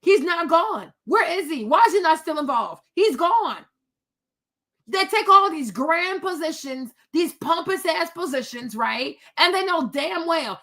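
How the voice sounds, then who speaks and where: A woman's voice: extremely high pitch, animated, measured pace, fairly bright tone. A woman hosting her own political commentary, blunt, sassy and profane, scolding the people she talks about. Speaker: commentary host.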